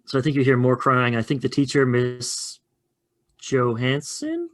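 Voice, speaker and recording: Man, podcast host, casual actual-play chat, laughs easily, mid pitch. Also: unhurried, slight background noise. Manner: chatty, laughs often, loose. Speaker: game facilitator.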